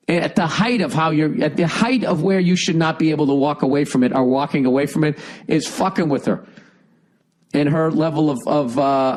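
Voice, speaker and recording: This man's voice is on the high side, and the audio quality is poor. Hosting a podcast with a Boston accent, he reads out a listener email, then rambles through a comedic rant of blunt, profane advice, all while holding back a cough.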